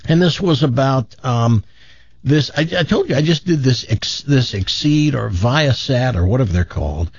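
Exasperated husky-voiced man telling a story. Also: medium pitch, normal speed, no room sound, muffled recording. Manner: exasperated, animated retelling with quoted voices. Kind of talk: casual storytelling on a talk show.

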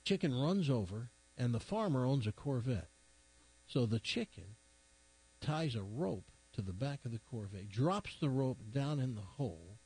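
A radio host with a medium-pitched, slightly mellow, husky voice speaks expressively at a measured pace. During morning banter, he rambles through a long joke, mocking himself along the way.

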